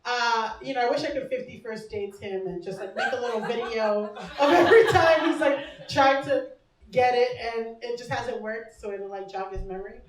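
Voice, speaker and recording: A young woman with a slightly high voice hosts a comedy show from a small comedy bar stage, delivering a stand-up set at a moderate pace. She's brash and self-mocking, swearing freely and laughing a lot. The club sounds echoey, with the mic picked up from a distance.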